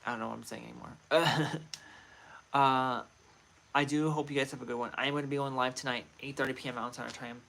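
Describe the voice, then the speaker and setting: A man's voice: mid-range voice, fairly even intonation, brisk, creaky, a bit bright. A man hosting a casual livestream, chatting playfully and addressing viewers directly. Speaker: livestream host.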